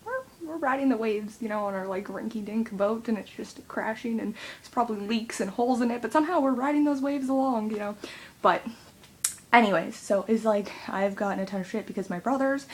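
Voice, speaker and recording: A woman's voice: on the high side, fairly quick. A young adult woman vlogging, venting in a rambling, swear-heavy way full of fillers. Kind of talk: casual venting monologue.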